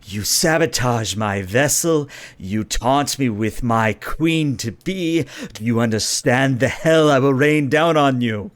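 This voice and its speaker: A man voicing an arrogant, furious alien prince who turns bestial, speaking slowly with menace. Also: mid-range voice, lightly acted. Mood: outraged. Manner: slow, menacing, gravelly roar.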